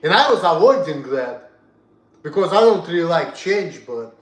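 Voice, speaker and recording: A young man from Russia with a Russian accent, ranting bluntly and profanely on a livestream, repeating himself and swinging between loud and soft. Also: a little high, sing-song, moderate pace. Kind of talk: casual rant to stream.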